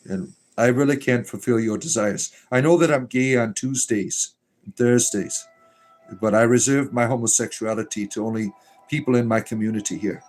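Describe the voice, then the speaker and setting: A man's voice: medium pitch, normal speed, darkish tone. A man hosting a casual livestream, reading chat messages aloud in a joking, irreverent way and laughing often.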